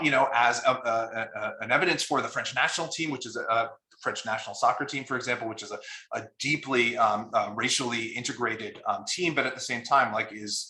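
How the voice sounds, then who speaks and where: A man's voice: medium pitch, pushed and bright, echoey room. A man, an author taking audience questions, speaking conversationally with many fillers and restarts. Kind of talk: online Q&A discussion.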